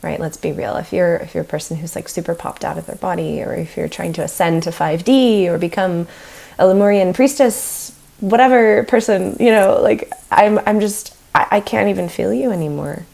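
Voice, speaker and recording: Woman podcast guest, low gravelly voice, casual and lively with laughs. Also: moderate pace. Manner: animated, laughs often, chatty.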